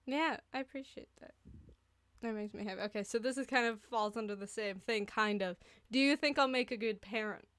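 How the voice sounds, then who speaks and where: A woman's voice: a little high, brisk, a bit bright, no room sound. A young woman hosting a podcast livestream, chatting casually and laughing often. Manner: giggly and bubbly, laughs often. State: out of breath after squats. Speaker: podcast host and streamer.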